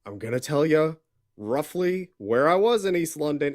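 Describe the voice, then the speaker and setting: A man's voice: fairly high pitch, big pitch swings, normal speed. A man hosting a heated online debate. He is blunt and combative and swears freely.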